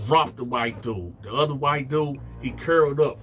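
A man telling a story in a casual vlog, animated and slangy, talking straight to his viewers. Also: mid-range voice, normal speed, heavy background noise.

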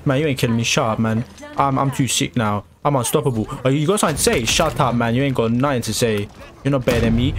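A man's voice: medium pitch, fast. Trash-talking young man. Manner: trash-talking, excitable, slangy. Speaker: gamer. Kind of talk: live gameplay commentary. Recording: game music in background.

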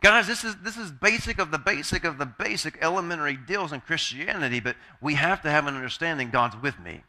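A man's voice: on the high side, expressive, a little fast, hardly any pauses, bright, forceful tone. A man preaching a sermon as pastor, emphatic and repeating key phrases, asking the congregation call-and-response questions.

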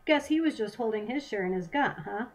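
A woman's voice: on the high side, expressive, fairly quick, natural voice. A woman voicing a cool, defiant female airship commander who bargains in a dry, guarded way, in a storybook reading.

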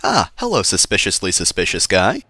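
A man narrating his playthrough of a game with a sarcastic, joking edge, talking back at the characters. His pitch swings widely as he reacts. The sound is dry and close, with no room around it. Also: huge pitch swings, normal speed, pushed and bright, husky, no room sound. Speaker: let's play host. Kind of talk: gameplay commentary.

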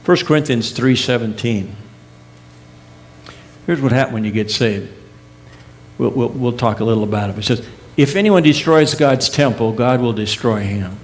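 A man's voice: medium pitch, normal speed, long pauses. Earnest preaching man, middle-aged pastor. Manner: earnest preaching, rising emphatic peaks and soft drops; casual folksy asides. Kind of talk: sermon. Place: church sanctuary.

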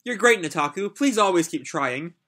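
Man voicing a doting, pushy mother, coaxing and pleading, lively up-and-down pitch, comic read-aloud. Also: normal speed, exaggerated voice.

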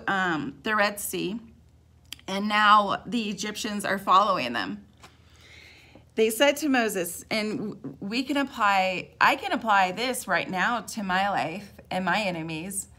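A woman giving an earnest, casual Bible study, reading scripture aloud and reflecting in a halting way, with many fillers and restarts. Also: mid-range voice, sharp tone. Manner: reads scripture aloud between personal reflections. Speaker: Bible teacher.

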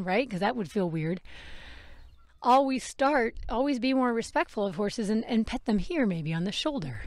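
A woman's voice: a little high, darkish tone, dry recording. A woman hosting a casual talk while grooming her horse, chatty and rambling, correcting herself and laughing at her slips. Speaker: podcast host and horse trainer. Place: outdoors with a horse. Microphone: wearable microphone.

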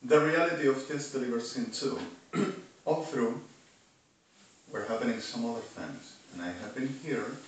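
A man delivering an agitated, rambling monologue, swinging between loud outbursts and low muttering. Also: unhurried. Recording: very echoey room, voice far from mic, faint hiss.

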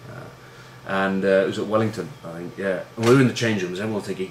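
With fairly even intonation and a quick pace, this former rugby player, now middle-aged, spins rambling stories in a slightly low voice, swearing, self-mocking and leaning on fillers. The recording has roomy echo and a faint hiss.

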